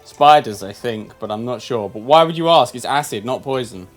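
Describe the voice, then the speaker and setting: A young man acting as game master, narrating a tabletop game in a lively, chatty way. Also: mid-range voice, normal speed, faint music behind.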